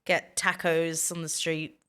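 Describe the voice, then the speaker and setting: Chatty woman, low voice. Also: little pitch movement, slow pace, fairly bright tone, clear, resonant tone. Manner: chatty storytelling, reading chat aloud. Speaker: streamer chatting with viewers. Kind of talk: casual chat.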